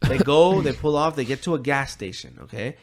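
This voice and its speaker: A brisk, medium-pitched man with lively intonation co-hosts a podcast and retells a story. The casual chat wanders, swears freely and leans on filler words and quoted voices.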